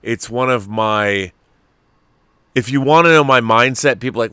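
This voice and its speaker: A middle-aged man hosting a podcast, telling stories in an animated, emotional way with many restarts. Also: mid-range voice, a little slow, long pauses, clean tone, dry recording, clean studio sound. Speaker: podcast host. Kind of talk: casual chat.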